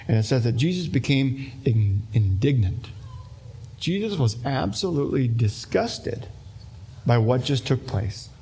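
Husky-voiced male pastor preaching. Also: mid-range voice, mellow. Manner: conversational, explaining with everyday examples. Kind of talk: sermon.

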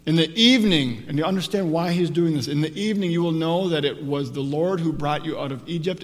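Pastor preaching in an echoing hall. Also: male voice, fairly high pitch. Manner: animated storytelling, voice swings from soft to emphatic. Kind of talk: sermon.

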